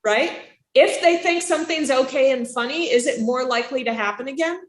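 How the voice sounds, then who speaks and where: A woman instructor giving a casual classroom lecture, lively and chatty, acting out reactions with gasps and little voices. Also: sits high, brisk. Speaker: child development instructor. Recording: roomy classroom echo.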